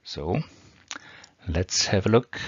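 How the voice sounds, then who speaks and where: A man's voice: sits low, lively intonation, slow, slightly rough, no echo. A man teaching English grammar with a non-native accent, explaining patiently step by step. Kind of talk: explaining grammar over slides. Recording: dull lo-fi homemade audio.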